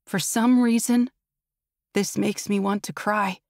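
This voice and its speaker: A woman's voice: mid-range voice, fairly even intonation, slow pace, a little mellow, no echo. A woman narrating a fantasy audiobook in the first person, with tense and intimate storytelling.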